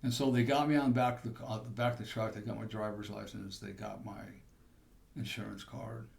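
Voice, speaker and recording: A man's voice: fairly low pitch, little pitch movement, fairly quick, creaky, a little mellow. A man hosting a podcast, telling a personal testimony in a rambling storytelling way with restarts. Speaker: podcast host.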